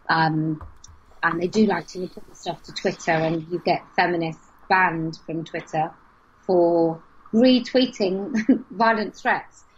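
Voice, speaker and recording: A woman's voice: on the low side, slightly rough. A woman, speaking frankly and telling a story as an interview guest. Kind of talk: casual conversation. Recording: dull lo-fi podcast audio.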